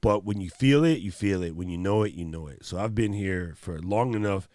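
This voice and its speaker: A man's voice: sits low, fairly quick, no echo. A man hosting a casual conversation, telling stories in a loose, slangy way. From Hawaii. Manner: animated storytelling, slangy. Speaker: host.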